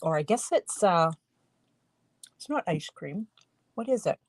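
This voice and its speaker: Against a noisy background, a middle-aged woman speaks in an expressive, unhurried, lowish voice. She's live-streaming card making from her home craft studio, chatting viewers through each step, with a throat tickle that brings the odd cough.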